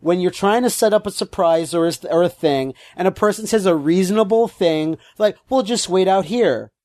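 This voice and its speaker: A man with a somewhat high voice tells a story in casual chat. He acts out the quotes, jumping up and down in pitch. The sound is dry and close. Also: fairly quick, a little mellow, dry recording.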